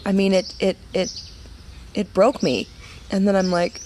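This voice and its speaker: A woman's voice: medium pitch, flat delivery, measured pace, pauses often, darkish tone, slight background noise. A woman in her thirties giving a personal faith testimony in an earnest, conversational way, full of fillers and restarts. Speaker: women's ministry speaker.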